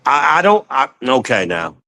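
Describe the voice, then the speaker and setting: Casual livestream host, a man. Loose, profane and animated, mid-pitched voice. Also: moderate pace, rough recording. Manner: profane, animated, laughs often, talks to chat as y'all. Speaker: livestream host reading chat.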